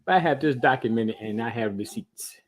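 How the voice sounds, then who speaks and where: A man with an ordinary mid-range voice, talking trash on a casual sports podcast. He stops and restarts often, piling on fillers as he makes his point. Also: mid-range voice. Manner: trash-talking, halting speech with many restarts. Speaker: podcast co-host.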